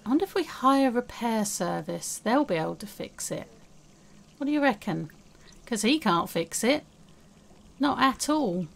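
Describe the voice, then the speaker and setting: A young woman hosts a casual let's-play of a life-sim game, chatting throughout and talking to her character as she plays. Her voice is fairly high, animated, and creaky, with a measured pace and frequent pauses.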